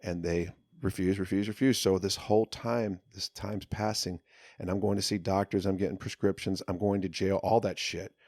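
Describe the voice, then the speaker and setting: A man telling a long personal story in casual podcast talk, profane and animated, sometimes shouting as he relives moments. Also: deep voice, normal speed, no echo, studio quality. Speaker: podcast guest.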